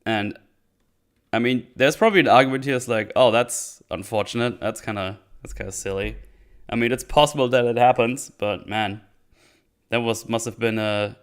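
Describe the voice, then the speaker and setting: A streamer reviewing a TV show gives casual livestream commentary, rambling and hesitating as he thinks aloud. His voice is medium in pitch, clear, and resonant.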